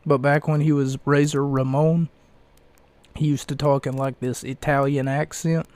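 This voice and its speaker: A young man hosting a casual podcast, rambling through reviews with many fillers, pauses and restarts. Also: fairly high pitch, level tone, a little mellow, dry recording. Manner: slow, halting, many fillers and self-corrections. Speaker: podcast host reviewing wrestling events.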